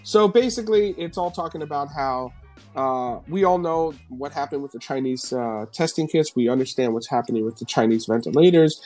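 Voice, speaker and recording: A man's voice: mid-range voice, fairly quick, a little mellow, soft background music. A man from New York hosting a live stream, reading news headlines aloud and mocking them with profane, sarcastic asides and frequent laughter. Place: home.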